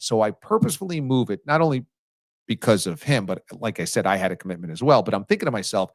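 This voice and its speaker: A male sports radio host telling stories casually, animated and teasing, with sudden jumps in his voice. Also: mid-range voice, fairly quick, no echo, studio quality. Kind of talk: casual storytelling on a sports talk show.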